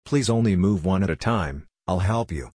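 A man reading the part of a calm, logical female android who is helping crash survivors, in a level, matter-of-fact way. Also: low-pitched, moderate pace, husky, no echo, studio quality. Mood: instructive.

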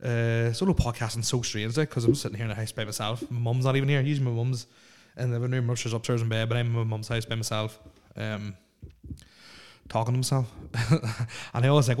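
A man by himself in a house hosts a casual podcast, rambling and stammering with frequent fillers and restarts. His voice is medium-pitched, steady, a little mellow and smooth, and fairly quick.

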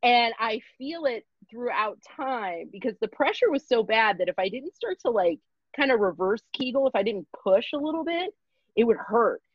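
A young woman comedian telling a story in a casual, profane, animated way and acting out the people in it. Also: on the high side, normal speed, husky, no echo. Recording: dull lo-fi sound.

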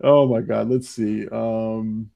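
A man's voice: lowish voice, little pitch movement, takes it slowly, creaky, noisy background. A man hosting a podcast, chatting casually about a movie, laughing often and reading quotes aloud. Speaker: podcast host. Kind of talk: casual movie review chat.

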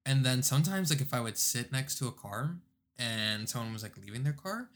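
A man's voice: medium pitch, expressive, fairly quick, a bit bright. A young man chatting casually in a laid-back way, telling stories with slang asides. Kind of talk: casual chat.

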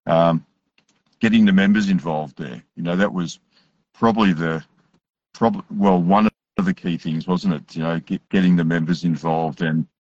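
A man hosting an interview, reflecting on a guest's story, halting often with "you know" and "uh". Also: low-pitched, fairly even intonation, a little mellow, dry recording. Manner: hesitant, many "you know" and "uh" fillers. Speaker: interview host. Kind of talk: interview commentary. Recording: dull, muffled recording.

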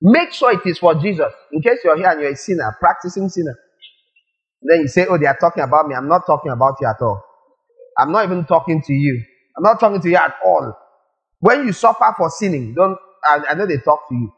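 High-voiced animated male preacher. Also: fairly quick, highs cut off. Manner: animated, rhetorical questions, acts out scenes. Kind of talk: sermon.

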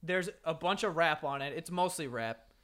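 A man's voice: on the high side, moderate pace, fairly bright tone. A man co-hosting a podcast, giving dry, joking replies in casual chat. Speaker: podcast co-host.

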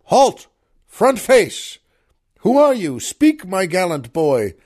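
A man's voice: high-pitched, huge pitch swings, slow, a little mellow, voice pushed up, full character voice. A man reciting a poem, voicing a Union general who barks commands and questions. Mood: commanding. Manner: barked commands.

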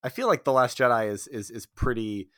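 A man's voice: medium pitch, fairly quick, a bit bright. A man co-hosting a podcast, talking casually with many stammers and restarts. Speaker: podcast co-host. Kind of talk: casual chat.

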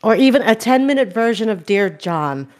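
A woman co-hosting a podcast in casual chat, bantering with quick jokes and frequent swearing. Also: a little high, lively intonation, darkish tone. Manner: laughing, profane, quick banter. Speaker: podcast co-host.

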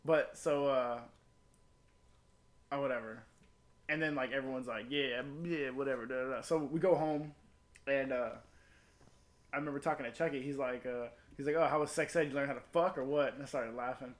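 A man's voice: medium pitch, fairly even intonation, moderate pace, pauses often. Male podcaster, rambling crude storyteller, casual and profane.

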